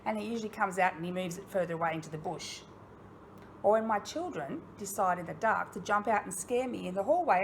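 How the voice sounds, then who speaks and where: This is a female primary school teacher with an Australian accent, pitched fairly low and moving at a brisk clip. She addresses young children in a recorded online lesson, questioning them and cheering them on expressively. Slight background noise is audible.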